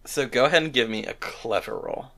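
A man running a tabletop role-playing game as game master, relaxed and laughing, with the odd swear word. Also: medium pitch, fairly quick, gravelly.

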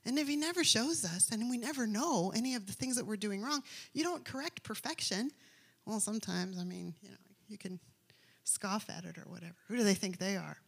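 A woman's voice: mid-range voice, fairly quick, gravelly, slightly rough. A woman preaching a sermon, telling a story with passion and acting out the characters' lines.

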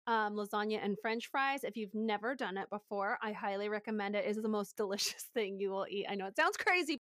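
A woman's voice: medium pitch, fast, fairly bright tone, no room sound, clean studio sound. A woman hosting a podcast in casual chat, talking freely with lots of fillers and frequent laughter. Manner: chatty, laughs often, lots of "like" and "you know". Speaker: podcast host.

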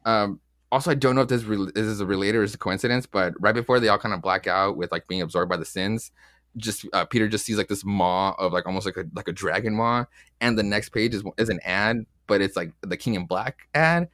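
A man's voice: lowish voice, a little fast, a bit bright, dry recording, studio quality. Casually swearing man recapping comics. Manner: rambling, loose, swears often, acts out quotes. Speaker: podcast co-host.

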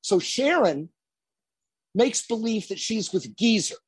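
A man spins a tour story in a casual, animated way, his pitch swinging freely. His voice is husky. The recording is dry and close. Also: slow, no echo. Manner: animated anecdote telling, lively. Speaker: guest musician.

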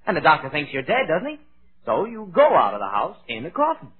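Quick eager scheming male ghost. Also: a little high, huge pitch swings. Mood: coaxing. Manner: coaxing, eager, stammering. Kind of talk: 1940s radio comedy acting. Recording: tinny old radio broadcast.

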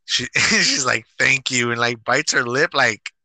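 A man hosting a casual movie review chat, animated and swearing as he retells scenes with acted quotes. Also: mid-range voice, unhurried, no room sound, rough recording. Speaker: podcast host.

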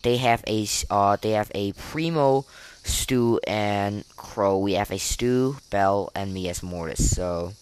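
Young guy kinda low voice narrating his game live, keeps tripping over words and calling himself bad. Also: takes it slowly, a little hiss or hum. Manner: self-deprecating, flustered, frequent fillers and restarts. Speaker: gaming podcaster. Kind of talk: live gameplay commentary.

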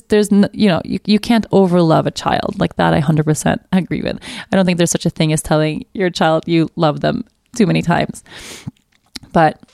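Low, gravelly woman musing candidly. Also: warm tone, no room sound, clean studio sound. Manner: candid, thoughtful, restarts often; casual, occasional swearing. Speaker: podcast host. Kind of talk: reflective solo podcast talk.

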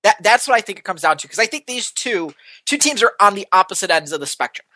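Bright, dry-sounding playful podcast co-host. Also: medium pitch, sing-song, fast talker, dry recording. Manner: playful, jokey. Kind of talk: casual esports betting chat.

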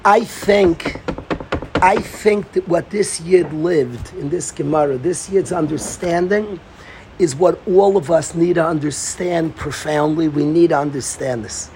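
A middle-aged man giving an informal Torah talk to a group, excitable and repetitive, often restarting his sentences. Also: on the high side, measured pace, a little hiss or hum. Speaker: Torah teacher.

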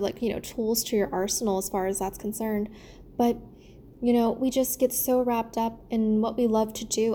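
Young woman, fairly high, mellow tone, loose and rambling delivery. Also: slight background noise. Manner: rambling, many fillers and restarts. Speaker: theater performer. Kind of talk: casual reflective monologue.

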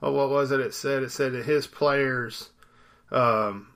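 A man talking casually on a sports podcast, animated and emphatic with a folksy turn of phrase. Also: medium pitch, measured pace. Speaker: podcast co-host.

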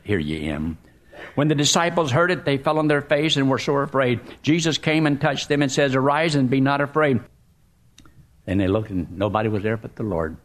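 A man preaching a sermon, reading scripture aloud and explaining it in a folksy, emphatic way. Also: mid-range voice.

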